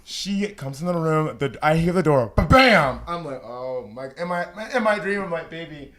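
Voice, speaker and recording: A young man hosting a talk show, telling a story in a campy, animated, profane way. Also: a little high, moderate pace. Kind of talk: casual storytelling chat.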